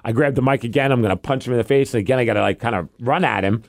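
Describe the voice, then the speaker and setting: A man, a podcast host telling a story in a casual chat, animated and acting out quotes. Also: mid-range voice, racing, gravelly, no room sound, studio quality. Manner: animated, acts out quotes in funny voices. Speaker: podcast host, part-time wrestler.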